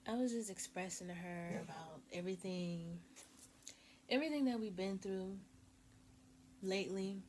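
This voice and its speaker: A woman telling a story in a casual vlog, speaking softly and hesitantly as she holds back emotion, recorded at home. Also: on the low side, slight background noise. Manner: soft-spoken and hesitant, holding back emotion. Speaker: vlogger.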